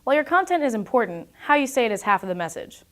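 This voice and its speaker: A young woman giving a scripted talk about presentation skills, speaking in a clear, projected and deliberate way. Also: a little high, sing-song.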